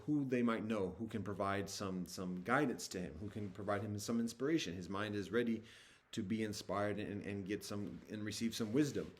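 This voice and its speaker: A man with a lowish voice walks listeners through a scripture. He reads passages in a formal tone, then retells them casually and hesitantly, full of fillers and restarts. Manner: alternates formal scripture reading with loose slangy retelling. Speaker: teacher walking through a scripture. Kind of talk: casual reading and explanation of a sacred text.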